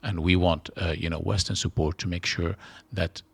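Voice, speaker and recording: A man from Syria, a guest in a studio interview, who talks haltingly with many restarts and fillers. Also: deep voice, fairly even intonation, creaky, husky, no room sound.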